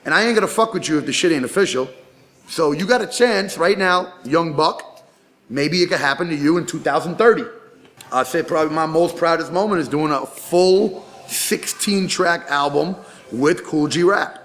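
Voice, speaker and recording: A male rapper talks loosely through an interview, his voice sitting a bit higher than most men's. He tells his stories with a cocky, swaggering edge and swears all the time. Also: normal speed, a bit bright. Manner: profane, boastful storytelling. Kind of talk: casual interview talk.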